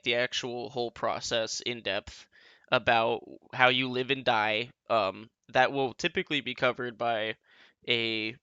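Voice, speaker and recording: A man with a bright, smooth voice talks casually through game rules, rambling and restarting often. The recording is dry and dull, with a lo-fi edge. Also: medium pitch, no room sound. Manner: rambling, many restarts and asides. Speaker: host explaining game rules. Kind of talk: casual rulebook explainer.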